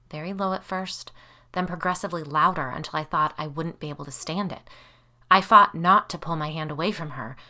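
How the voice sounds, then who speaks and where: Bright-voiced woman narrating a story. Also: low-pitched. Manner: expressive, lively storytelling with voiced dialogue. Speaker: audiobook narrator. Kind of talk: scripted first-person narration.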